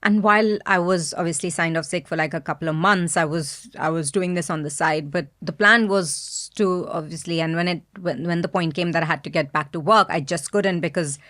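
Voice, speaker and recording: A woman's voice: on the low side, a little fast, few pauses, fairly bright tone. A young woman speaking as a podcast guest, talking frankly and hesitantly, with fillers and restarts. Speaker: podcast guest, brand founder. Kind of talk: candid interview conversation.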